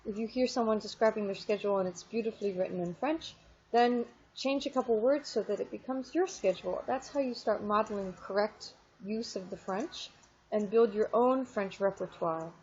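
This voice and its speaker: A woman teaching French in a recorded online lesson. She explains step by step and says French examples slowly and clearly. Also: medium pitch, a little mellow. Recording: dull lo-fi screen recording.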